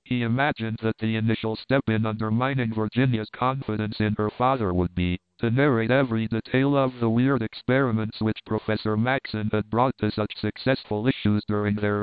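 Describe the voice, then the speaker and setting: A man narrating an audiobook in a steady, formal reading style. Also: fairly low pitch, clean tone, no room sound. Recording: narrow phone-like band.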